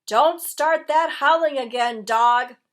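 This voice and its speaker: A woman voicing a grumpy, prickly male rat in a read-aloud storybook, shouting taunts across a junkyard. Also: fairly high pitch, sing-song, unhurried, full character voice.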